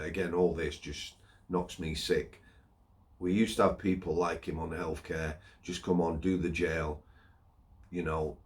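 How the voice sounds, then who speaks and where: A middle-aged man, a former prison officer telling a story in a blunt, scornful way, broken into short phrases with plenty of "you know"s. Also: rumbling low. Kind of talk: casual storytelling monologue.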